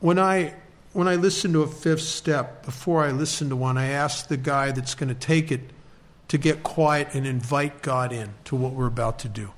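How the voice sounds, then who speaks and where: A man telling a personal recovery story in an earnest, halting way, often restarting and quoting the people involved. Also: mid-range voice, steady tone. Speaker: recovery speaker sharing a story.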